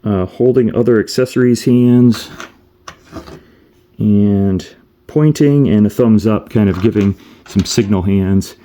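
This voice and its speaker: Male toy reviewer, low mellow voice, rambling casual delivery, faint background hiss. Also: takes it slowly. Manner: meandering, thinks aloud while handling items.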